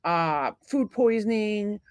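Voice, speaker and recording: A woman's voice: medium pitch, lively intonation, slow, clear, resonant tone, no echo. Blunt, profane woman podcast co-host. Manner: blunt, profane, rambling storyteller. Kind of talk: casual crude banter.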